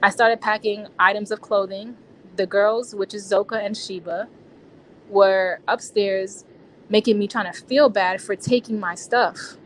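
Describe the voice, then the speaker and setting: A woman's voice: mid-range voice, fairly even intonation, a little slow, a little hiss or hum, low-quality recording. A woman being interviewed, recounting a personal experience in casual, slangy speech with frequent restarts.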